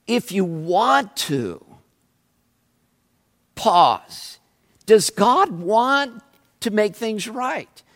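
A man preaching a sermon as pastor, slow and emphatic, pressing questions on his listeners. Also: on the high side. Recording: long reverb of a large hall.

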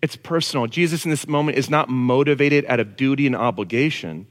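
A man preaching a casual, animated sermon to a congregation. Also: medium pitch, a little fast. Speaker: pastor. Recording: long reverb of a large hall.

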